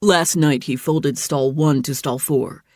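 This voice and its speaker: A woman's voice: low voice, takes it slowly, darkish tone, dry recording, studio quality, voice pushed down. A woman narrator voicing a big, easygoing young man who jokes and reassures. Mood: excited. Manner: joking, reassuring.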